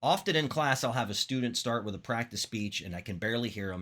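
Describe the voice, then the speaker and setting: A man teaching public speaking in an instructional talk, demonstrating vocal techniques with expressive examples. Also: medium pitch, quick pace, few pauses. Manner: demonstrates voices, animated and expressive.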